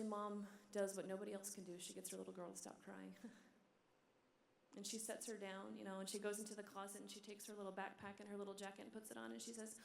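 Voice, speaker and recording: A religious sister giving a talk at a conference, telling stories with animated energy and dropping to a hushed whisper at tender moments. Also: female voice, mid-range voice, creaky, a little hiss or hum. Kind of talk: sermon. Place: large hall. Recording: echoey hall.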